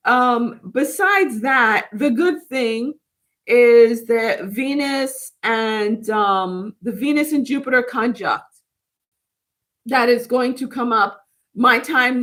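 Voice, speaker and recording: A woman with a fairly high voice, talking in a loose, rambling way on a spiritual livestream. She chats casually with viewers and reacts to their comments as they come in. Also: fairly bright tone. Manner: rambling, chatty, reads and answers live comments. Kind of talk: casual live chat with viewers.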